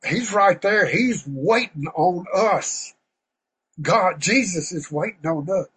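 A man preaching a fervent, folksy sermon to an online group over a video call, breaking into shouts of praise. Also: high voice, expressive, slow pace, breathy edge, poor audio.

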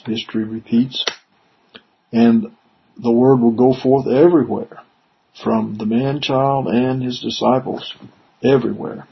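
A man's voice: mid-range voice, creaky, breathy edge. A man preaching, reading Bible verses aloud and then explaining them in a conversational way. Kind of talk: scripture reading and commentary. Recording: dull lo-fi recording.

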